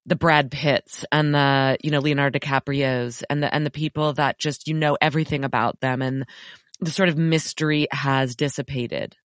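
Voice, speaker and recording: A woman's voice: rumbling low, fairly even intonation, moderate pace, no echo, studio quality. A woman co-hosting a podcast, reading listener letters aloud with wry, blunt asides. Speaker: podcast co-host.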